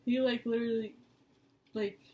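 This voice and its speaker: Soft-spoken supportive young woman. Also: fairly high pitch, level tone, normal speed, muffled recording, a little hiss or hum. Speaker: co-host. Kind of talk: casual chat.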